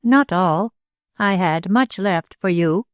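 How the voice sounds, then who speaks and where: A woman's voice: on the low side, slow, no room sound. A woman voicing a small, elfish older man who is cynical and jeering, with a clipped, curt way of talking. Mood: stiff.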